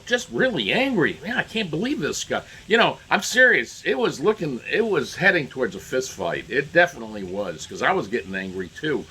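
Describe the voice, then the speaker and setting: Rambling, excitable man with husky voice. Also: medium pitch, low-quality recording. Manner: rambling, repeats himself, excitable. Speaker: commentator. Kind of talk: casual monologue commentary.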